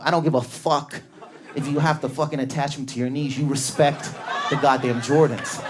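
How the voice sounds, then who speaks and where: A man in his thirties doing an animated stand-up comedy set on a club stage, telling stories with bursts of energy and acted-out voices. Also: fairly quick, background noise. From Canada. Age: 30s. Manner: high-energy, animated storytelling with sudden volume swings and acted-out voices.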